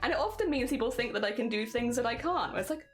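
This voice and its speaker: An English woman chats with her viewers during a crafting stream. She talks in a casual, rambling way and breaks into laughter often. Her pitch jumps up and down a great deal, and soft music plays in the background. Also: fast. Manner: animated, laughs often, chatty.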